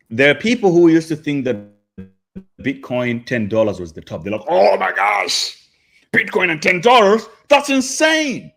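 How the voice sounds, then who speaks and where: Guy hosting a crypto stream, hyped and slangy, mid pitch voice. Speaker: show host. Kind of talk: casual livestream chat.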